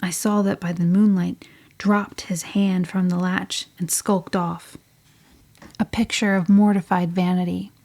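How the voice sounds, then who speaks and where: A woman voicing a spirited, headstrong teenage girl telling her story in an audiobook, often sinking to a breathy near-whisper. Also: lowish voice, little pitch movement, unhurried, dark tone. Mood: telling a secret. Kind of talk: audiobook reading.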